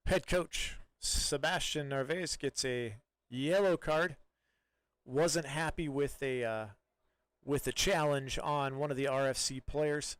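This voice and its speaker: A man doing live play-by-play soccer commentary in a relaxed, chatty way, with many fillers and restarts. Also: fairly high pitch, slow, smooth, no room sound.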